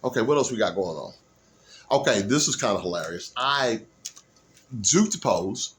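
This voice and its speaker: A man chatting loosely to a camera mic, his pitch jumping all over as he rambles between impressions. It has the easy, unscripted feel of a practice vlog. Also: moderate pace, a little hiss or hum. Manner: rambling, loose, lively delivery. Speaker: aspiring comedian and musician. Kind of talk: casual vlog, practicing voices.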